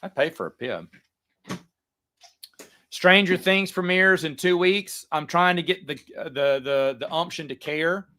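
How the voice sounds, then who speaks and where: A man's voice: on the high side, measured pace, bright, forceful tone. A man hosting a casual livestream, answering viewer chats in a rambling way with frequent stammers and restarts.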